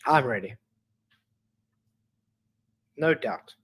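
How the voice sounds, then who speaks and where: A South African man whose first language is Afrikaans, a guest in a casual interview, speaking haltingly with many restarts and fillers. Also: mid-range voice, animated, a bit bright, husky.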